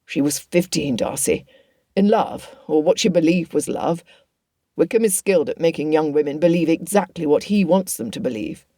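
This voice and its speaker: A woman reading an audiobook voices a protective young officer, speaking roughly and earnestly. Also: deep voice, lively intonation, normal speed, dark tone, no echo, studio quality. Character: wry protective cousin, a young army officer.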